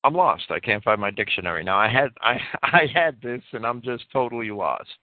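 A man with a mid-range, expressive voice talks fairly quickly, with no echo, over tinny phone-line audio. Hosting a live talk-radio show out of a private home, he earnestly reads definitions aloud and expounds on them.

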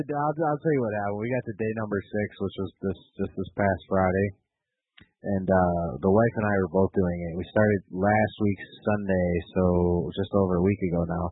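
A man calling in to a casual chat show, telling things in a laid-back, drawn-out way. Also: fairly low pitch, husky, dry recording. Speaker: caller. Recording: tinny phone-line audio.

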